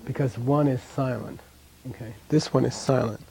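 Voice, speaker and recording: A man's voice: mid-range voice, steady tone, normal speed, creaky, mellow, breathy edge, no echo. A man teaching a language class in a classroom, chatty, often checking in with "okay?" and drilling pronunciation.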